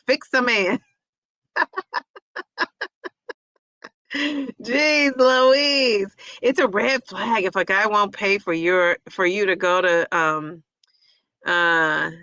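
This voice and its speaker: A woman's voice: mid-range voice, pushed and bright, no echo. A woman hosting a casual livestream, chatting and reading viewer comments aloud, often repeating them back with a laugh.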